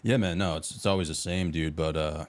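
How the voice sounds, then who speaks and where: A man hosting a podcast, laid-back and swearing casually in relaxed chat. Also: rumbling low, fairly quick. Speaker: podcast host.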